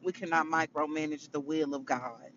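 A man's voice: fairly high pitch, steady tone, normal speed. A man giving an emotional, preachy talk to his viewers, calling them baby and honey. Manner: preachy, affectionate, calls listeners baby and honey. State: emotional after a hard day. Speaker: vlogger. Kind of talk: casual spiritual talk to viewers. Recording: muffled with loud vehicle noise.

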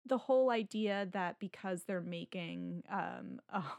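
A podcast co-host chats casually and enthusiastically about a film, laughing easily and trailing off mid-thought. Her medium-pitched voice is creaky and darkish, unhurried, in a dry recording.

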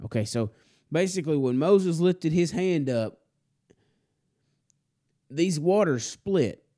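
A man's voice: a little high, lively intonation, slow pace, dark tone. A man reading scripture aloud and explaining it in a casual, folksy way, often correcting himself. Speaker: Sunday school teacher.

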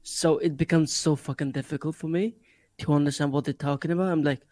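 A man's voice: on the high side, steady tone, a little fast, a little mellow, no echo. A man from India, in casual chat, emphatic and repeating himself, swearing casually.

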